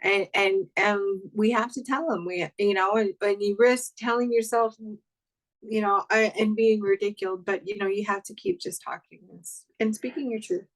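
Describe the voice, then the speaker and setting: A woman's voice: mid-range voice, moderate pace, rough recording. Rambling woman in casual chat. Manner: rambling, heavy on fillers.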